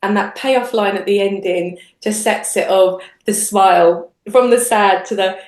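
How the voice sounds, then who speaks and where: A singer-songwriter woman chatting as an interview guest, animated, acting out quoted thoughts with big jumps in voice and often restarting her sentences. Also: mid-range voice, unhurried. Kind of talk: casual interview chat. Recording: roomy echo.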